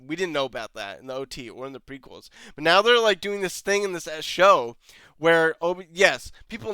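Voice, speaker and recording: Bright-voiced man ranting with laughter. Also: on the high side, clear, resonant tone, no echo. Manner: frustrated, rambling, laughs often. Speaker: channel host reviewing a TV episode. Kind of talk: casual rant to camera.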